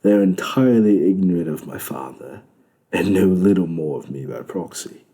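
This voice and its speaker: A man's voice: low-pitched, expressive, normal speed, gravelly, dark tone. A man voicing a suave, sardonic male devil who runs a club, speaking with a British accent in a smug, lecturing way. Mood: amused.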